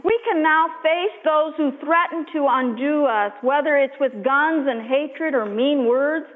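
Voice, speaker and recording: A woman pastor giving a sermon, speaking slowly and gently and dropping to a hush at times. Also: high voice. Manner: slow, gentle, drops to a hush on repeated blessings. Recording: echoey hall over a thin phone-like line.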